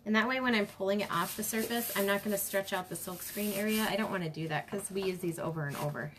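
A woman's voice: medium pitch, fast, background noise. A woman hosting a casual craft demonstration, chatting and greeting viewers by name as she works. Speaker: craft livestream host.

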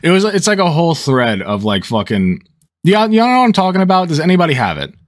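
Man, casual reaction commentary, profane, laughing, lively pitch, dry recording. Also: fast, no echo. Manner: animated, profane, laughs often.

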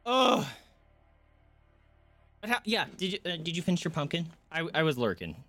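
Man streaming a game, high animated voice, frustrated swearing rant, faint game music behind. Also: normal speed, no room sound. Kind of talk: live gameplay commentary.

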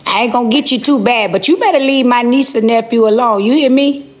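A woman hosting a live stream, roasting the person on the phone in a sassy, scolding way with drawn-out emphasis. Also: on the high side. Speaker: live-stream host making prank calls. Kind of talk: brash comic phone roasting.

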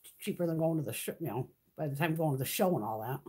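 A middle-aged woman hosting a beauty livestream, chatting casually and telling animated stories, swearing freely. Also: sits low, quick pace, slightly rough.

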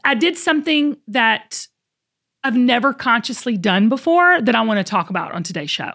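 A middle-aged woman with a warm drawl hosts a casual podcast, telling stories in an animated, chatty way and laughing often. Her voice sits a touch higher than most women's. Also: normal speed. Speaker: host.

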